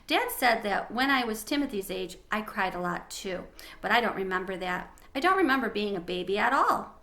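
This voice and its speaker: A woman's voice: medium pitch, expressive, moderate pace, sharp tone. A woman reading aloud, voicing a chatty young schoolgirl who feels left out by a new baby brother. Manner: chatty, eager. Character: young schoolgirl, lonely big sister.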